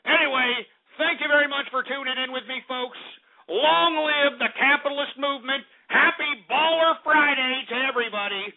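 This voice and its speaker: Boisterous man, talk radio host, very high voice, thin phone-like sound. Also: normal speed. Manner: loud, boisterous and indignant, swearing often. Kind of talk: ranting talk radio sign-off. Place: Austin, Texas.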